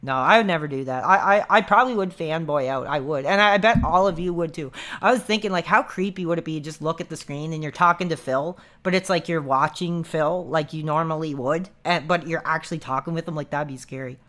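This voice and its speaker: A man's voice: a little high, a little fast, few pauses, bright, forceful tone. A man chatting casually on a live stream, rambling with lots of fillers and restarts.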